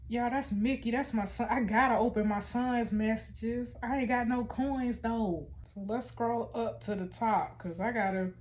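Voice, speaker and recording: A woman's voice: fairly high pitch, fairly even intonation, a little slow, few pauses, a little mellow. A woman hosting a gaming channel, chatting and playfully scolding as she reads game messages aloud. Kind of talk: let's-play commentary, reading game texts aloud.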